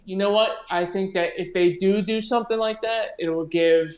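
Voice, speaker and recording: A man's voice: high-pitched, fairly even intonation, moderate pace. A man co-hosting a casual sports podcast, talking in an agreeable, thinking-aloud way. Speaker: podcast co-host. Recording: echoey room.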